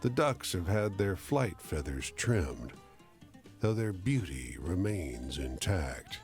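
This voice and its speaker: A man's voice: deep voice, sing-song, slow, darkish tone, soft background music. A man giving scripted storyteller narration for a narrative adventure game.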